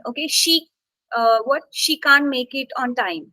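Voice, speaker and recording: High-voiced woman teaching a live class. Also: unhurried, sharp tone, no echo, rough recording. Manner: frequent "okay" and "got it" check-ins, stressing key words. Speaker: test-prep instructor.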